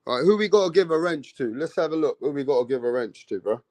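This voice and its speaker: A man's voice: a little high, expressive, fast, a little mellow, dry recording. Slangy man hosting a boxing stream. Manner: greets viewers by name with street slang. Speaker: boxing livestream host. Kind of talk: casual live stream chat.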